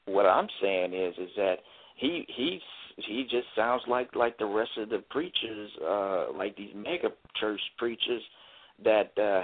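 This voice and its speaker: A man calling in to a radio show, hesitant and stammering as he makes a critical point. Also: fairly low pitch. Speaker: caller. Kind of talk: call-in argument. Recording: tinny phone line.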